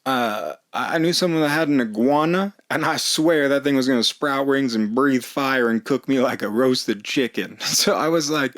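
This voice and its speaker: A man telling a comedic personal story in an animated, self-mocking way, laughing often. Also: mid-range voice, normal speed, few pauses. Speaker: storyteller vlogger.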